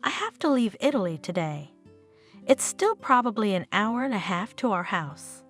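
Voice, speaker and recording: A woman's voice: medium pitch, sing-song, moderate pace, a bit bright, soft background music. A woman reading the lines of a dazed, grieving middle-aged widower in a storybook narration. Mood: pleading.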